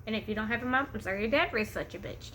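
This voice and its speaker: A woman's voice: fairly high pitch, racing, pushed and bright. A young woman telling a story in a casual vlog, hyper from caffeine, rambling, laughing often and swearing freely. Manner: giggly, rambling, profane, easily distracted. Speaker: vlogger. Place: home room with a pet bird.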